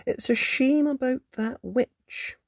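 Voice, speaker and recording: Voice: sits high, slow pace, gravelly, no room sound, pitched above the performer's own voice, full character voice. A storyteller voicing a bold young girl trapped in a tower in a storybook reading. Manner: bold, plain-spoken.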